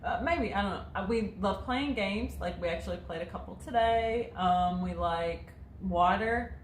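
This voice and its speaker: A woman in her twenties co-hosts a casual chat, reading out viewer questions in a chatty, rambling way, laughing often and using lots of fillers. Her voice is mid-range at a moderate pace, with a roomy sound and slight background noise.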